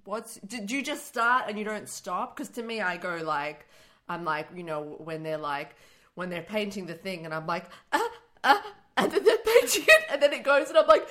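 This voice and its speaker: A woman hosting a casual podcast chat, chatty and quick to laugh. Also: medium pitch, lively intonation, a bit bright. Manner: chatty, laughs often, reads summaries aloud. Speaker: podcast host.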